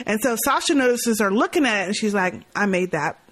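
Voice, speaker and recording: A woman's voice: mid-range voice, a little fast. A woman co-hosting a podcast, chatting casually as she recaps a TV episode and acts out lines from scenes. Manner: animated, laughs often, acts out lines from scenes. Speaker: podcast co-host.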